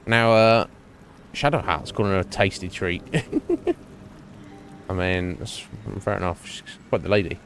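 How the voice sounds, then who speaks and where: A man's voice: sits low, animated, slow, long pauses, a little hiss or hum. A man streamer giving casual gameplay commentary, chatty, laughing often, with lots of fillers.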